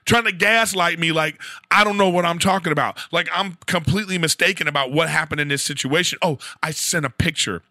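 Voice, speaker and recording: A man telling a profane, animated story as a podcast host, acting out the voices of the people he quotes. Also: a little high, a little fast, few pauses, dry recording, studio quality. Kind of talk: casual storytelling rant.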